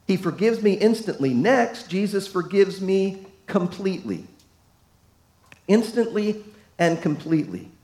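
Pastor guy preaching, high voice, echoey church, goes loud then real quiet. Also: very animated, a little slow. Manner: folksy, emphatic preaching with big swings from loud to hushed. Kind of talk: sermon. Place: church sanctuary. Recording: echoey room.

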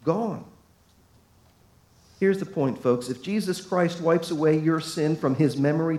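A man preaching a sermon to a congregation, folksy and emphatic, swinging from loud to hushed. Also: a little high, normal speed. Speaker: pastor. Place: church sanctuary. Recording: echoey room.

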